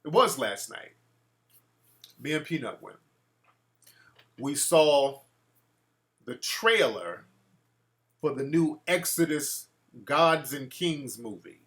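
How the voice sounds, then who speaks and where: A man's voice: on the high side, big pitch swings, slow, long pauses, fairly bright tone. A man hosting a casual call-in show, talking in a brash, profane way and reacting to his live chat. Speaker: talk show host.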